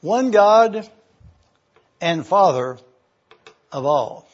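A man preaching a sermon, teaching scripture slowly and deliberately with emphatic pauses. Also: high-pitched, animated. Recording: dull lo-fi recording.

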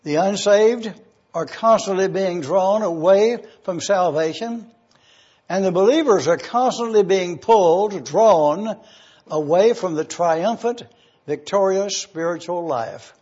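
A man preaching a sermon as pastor, teaching in a slow, deliberate cadence and laying out numbered points. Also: high-pitched, a little mellow, husky, highs cut off.

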